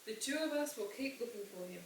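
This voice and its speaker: A woman reading aloud voices a grieving preacher father who speaks quietly and kindly. The delivery stays soft and subdued. The mic sits at a distance in an echoing room, with a light hiss. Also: fairly high pitch, expressive, brisk. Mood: sad, tender.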